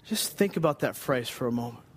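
A man's voice: mid-range voice, animated, brisk, a little hiss or hum. A man preaching a sermon, earnest and emphatic, repeating key phrases for weight. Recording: long hall reverb.

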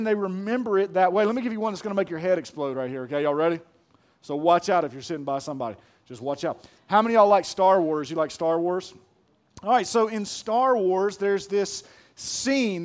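High-voiced pastor quizzing his congregation. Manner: conversational, quizzes the audience with questions. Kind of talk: sermon.

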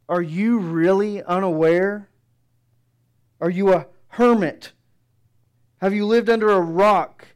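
An exasperated, grieving disciple, as a preacher puts him on, firing off incredulous rebuking questions in a raised, somewhat high voice. The tone stays smooth and resonant. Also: male voice.

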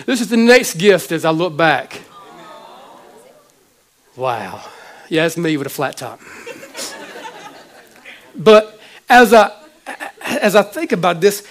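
A high-pitched man in his forties preaches from the pulpit as a pastor. His delivery is heartfelt and halting, full of restarts and repeated words. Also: fairly bright tone. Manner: emotional, halting with many restarts. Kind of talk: sermon.

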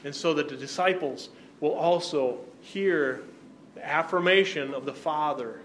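This man teaches a Bible class, and his voice sits a little higher than most men's. He keeps turning to the room with "right?" and quick questions. A faint hum of room sound stays under him. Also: a bit bright.

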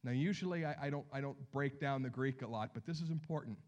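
A man preaching a sermon as pastor, telling the story with lively acted-out voices and dropping to hushed near-whispers for emphasis. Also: mid-range voice, fast talker, highs cut off.

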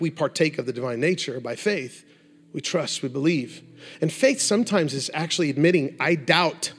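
A male preacher delivering a passionate sermon, moving between hushed reflection and rising exhortation. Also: fairly high pitch, slightly rough.

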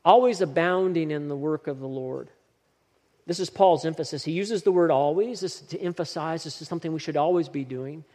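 Emphatic preacher in a reverberant hall. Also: male voice, on the high side, a little mellow. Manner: emphatic, repeats short exhortations. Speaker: pastor. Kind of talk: sermon. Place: church sanctuary.

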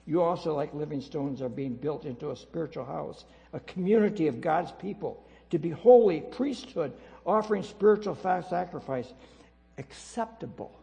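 A man preaching a sermon as pastor, emphatic and repetitive, swinging between loud declarations and quiet asides. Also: a little high, animated, normal speed, gravelly. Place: church sanctuary. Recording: reverberant hall with mains hum.

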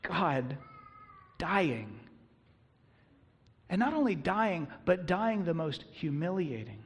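A pastor preaching with earnest emphasis, his voice slightly husky and pitched a little high for a man. His words ring out with a long reverb, as in a large church hall. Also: big pitch swings, takes it slowly. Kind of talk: sermon.

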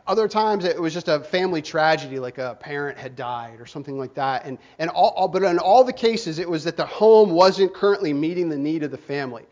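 A man's voice: on the high side, muffled recording. A man preaching a sermon, telling a story loosely with many fillers and restarts.

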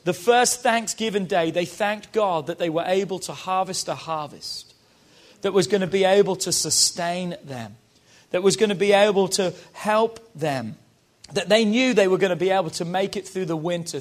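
High-voiced British pastor preaching. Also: male voice, normal speed. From Britain. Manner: rousing, calls the congregation to repeat after him. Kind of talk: sermon.

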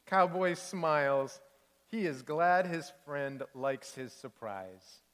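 A man, a pastor, reading a children's storybook aloud in a sermon with expressive, animated delivery. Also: a little high, slow, clean tone, big-room sound.

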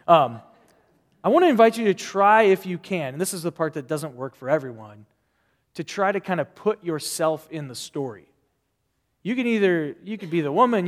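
Conversational pastor, man, reverberant church. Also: a little high. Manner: conversational, with fillers and restarts. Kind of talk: sermon.

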